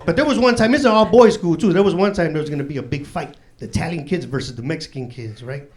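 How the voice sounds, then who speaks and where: A man works a comedy club stage, swearing freely and spinning streetwise stories in heavy slang. A loud crowd laughs all around him on the live club recording. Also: fairly high pitch, fast talker. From Chicago, USA. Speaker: stand-up comedian. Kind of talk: stand-up comedy set. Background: audience laughing.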